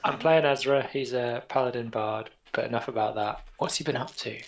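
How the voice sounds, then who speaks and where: A man's voice: mid-range voice, a little fast, gravelly, slight background noise. A man playing a tabletop game who recites a rhyming poem about his character. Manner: sing-song rhyming delivery. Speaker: player.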